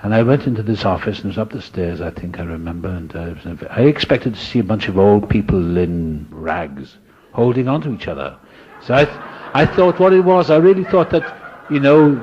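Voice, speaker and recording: An older man with a low, husky voice tells a personal story, slipping into the voices of the people he remembers. At times he drops to a near hush. The recording sounds somewhat dull and lo-fi. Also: expressive, fairly quick. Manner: storyteller voicing others in quotes, dropping to a hush. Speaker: speaker telling a personal recovery story.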